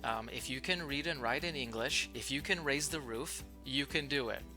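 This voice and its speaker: A man teaching online English, giving casual, playful and excitable how-to advice in a vlog. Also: mid-range voice, moderate pace, music in the background.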